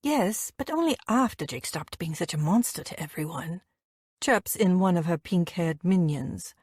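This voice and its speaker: A woman narrating a first-person romance audiobook in an intimate, expressive way, voicing the dialogue as she reads. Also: lowish voice, moderate pace, breathy edge, no echo, clean studio sound.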